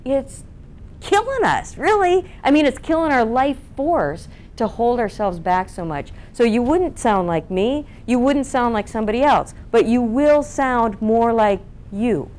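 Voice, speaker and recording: Expressive woman coaching a seminar group. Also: on the high side, a little slow, hardly any pauses. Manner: expressive, asks the room questions, acts out flat and lively voices. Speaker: public speaking coach. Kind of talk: seminar talk to a live group. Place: seminar room.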